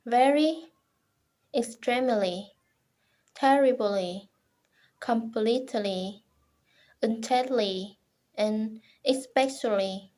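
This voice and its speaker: A young woman, a student reading a class presentation in short, careful, halting chunks. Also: high-pitched, steady tone.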